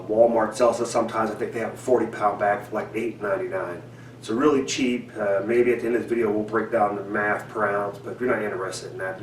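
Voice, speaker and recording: A man hosting a fishing how-to vlog from his home, rambling and halting with many ums and restarts. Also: lowish voice. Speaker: fishing channel host. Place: home indoors. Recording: echoey room, mic at a distance, faint hiss.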